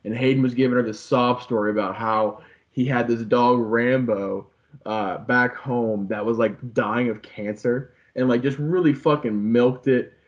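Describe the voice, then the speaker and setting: A man's voice: mid-range voice, steady tone, a little slow. Young male co-host, loose rambling storyteller, swears a lot, slightly muffled recording. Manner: rambling, profane, acts out quotes with voices. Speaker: podcast co-host. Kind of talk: casual chat recapping a reality show. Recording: slightly dull lo-fi podcast audio.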